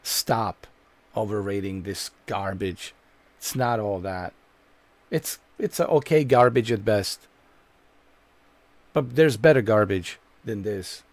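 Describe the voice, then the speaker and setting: Gravelly, exasperated man ranting over gameplay. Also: on the low side, slow, pauses often, no echo. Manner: exasperated, profane, repetitive ranting. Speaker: gamer streamer. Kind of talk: gameplay commentary rant.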